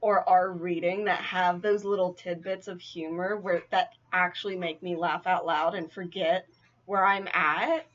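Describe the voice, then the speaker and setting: A woman's voice: on the low side, fairly even intonation, a little slow, fairly bright tone, muffled recording. A woman co-hosting a casual podcast chat about books, making dry, teasing remarks. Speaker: podcast co-host.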